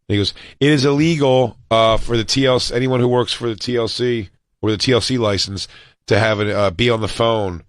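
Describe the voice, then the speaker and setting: Man, low voice, rapid talk, casual profane storytelling. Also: dry recording, clean studio sound. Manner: fast-talking, profane storyteller acting out others. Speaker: podcast co-host. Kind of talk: casual chat.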